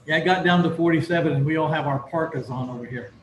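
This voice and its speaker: A man's voice: on the high side, fast talker. A man hosting a podcast in a loose, casual way, full of fillers and restarts. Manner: rambling, filler-heavy, self-correcting. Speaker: podcast host. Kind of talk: casual interview chat. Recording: roomy with faint background noise.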